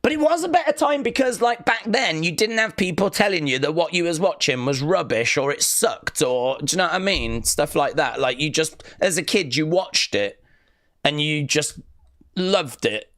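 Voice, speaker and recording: Animated and fairly bright, this man's fairly high voice moves at a moderate pace, with studio-quality audio and no room sound. He hosts a wrestling live stream, chatting casually and rambling through fond memories, full of fillers and acted-out quotes.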